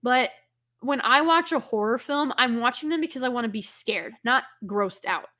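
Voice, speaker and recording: A woman hosting a live stream, chatting casually with viewers, rambling with lots of filler words and breaking into loud, exasperated outbursts. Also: a little high, expressive, normal speed. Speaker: livestream host.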